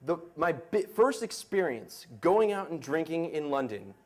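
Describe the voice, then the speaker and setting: American guy, 20s, high bouncy voice, loose story-slam teller who says "like" constantly. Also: measured pace. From United States. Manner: casual, animated, heavy use of "like". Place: stage before a live audience.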